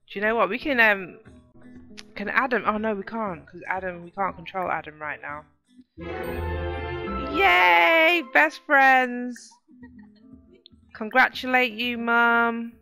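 A woman's voice: mid-range voice, normal speed, pushed and bright, faint music behind. A woman hosting a casual let's play, chatting to viewers and exclaiming at what happens in the game. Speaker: gaming channel host.

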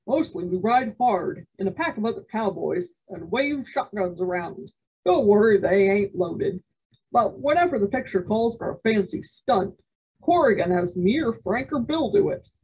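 A woman's voice: medium pitch, animated, moderate pace, husky, dull audio. A woman voicing an eager, boastful teenage cowboy boy in a read-aloud story. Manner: eager, cocky.

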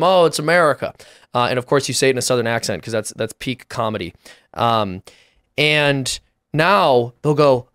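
A man co-hosting a podcast panel, talking quickly and emphatically, mocking political buzzwords. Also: a little high. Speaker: podcast co-host. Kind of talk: casual panel debate.

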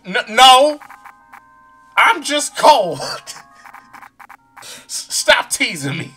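A man's voice: very high voice, sing-song, very slow, sharp tone, breathy edge, faint music behind, pitched above the performer's own voice, full character voice. A man voicing a shy, bashful young man who stutters nervously and trails off.

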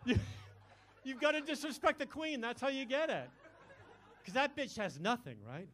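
A man in his sixties doing a live stand-up set on a club stage, crude and self-mocking, with quick asides to the crowd. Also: very high-pitched, expressive, fairly bright tone, slight background noise. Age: 60s. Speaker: stand-up comedian.

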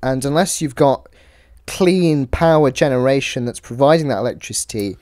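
A man's voice: medium pitch, normal speed, darkish tone, dry recording, studio quality. A man co-hosting a gaming video, rambling and riffing on jokes with his partner over a voice call. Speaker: co-host. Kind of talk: gaming commentary with a co-host.

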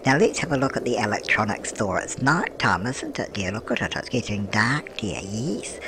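A man's voice: lowish voice, big pitch swings, moderate pace, creaky, background noise. A man putting on a doting old grandmother voice for gameplay commentary, chatty, with endless tag questions and calling everyone love, dear and darling. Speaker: gameplay channel host.

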